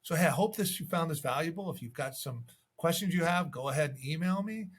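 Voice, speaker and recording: A man's voice: on the high side, expressive, a little fast, husky. A man coaching real estate agents in a casual, conversational way, acting out sample voicemails. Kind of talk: casual video tips to camera.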